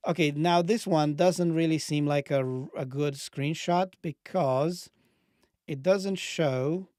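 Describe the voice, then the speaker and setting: Man casually demoing software, dry close mic. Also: on the high side, fairly even intonation, takes it slowly, dry recording. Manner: casual, conversational, thinks aloud while clicking. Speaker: channel host. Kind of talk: screen-share software walkthrough.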